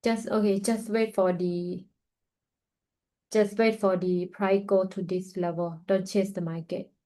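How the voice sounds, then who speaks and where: A woman's voice: medium pitch, level tone, measured pace, mellow, rough recording. A woman hosting a trading webinar, thinking aloud over live charts with loose grammar and many fillers, tired and yawning. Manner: casual, thinking aloud while watching charts. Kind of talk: live market analysis.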